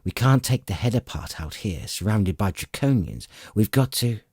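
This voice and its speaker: A man reading an audiobook and voicing a stern, determined male knight who speaks with urgency and command, a little raised and louder than his narration. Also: on the low side, expressive, moderate pace, slightly rough, no echo, clean studio sound. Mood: urgent. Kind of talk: audiobook character voice.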